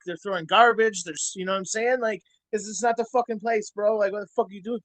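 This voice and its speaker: This podcast guest, a former wrestler, tells rambling, profane stories packed with quoted arguments, getting animated as he goes. His voice is high-pitched and quick with hardly any pauses, captured on a dry, low-quality recording.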